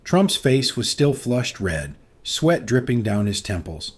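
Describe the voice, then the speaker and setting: A man's voice: medium pitch, very animated, takes it slowly, breathy edge. A man narrating a scripted story in a dramatic, suspenseful manner.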